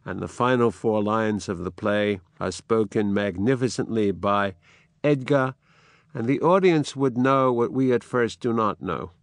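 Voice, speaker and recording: An older man giving a literature lecture, speaking slowly and deliberately and rising into impassioned recitations of verse. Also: on the low side, dry recording, studio quality. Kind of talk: literature lecture with dramatic readings.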